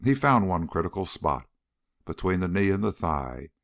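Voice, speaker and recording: Deep-voiced man narrating a Western. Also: very animated, normal speed, fairly bright tone. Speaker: audiobook narrator. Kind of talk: scripted narration of a Western novel.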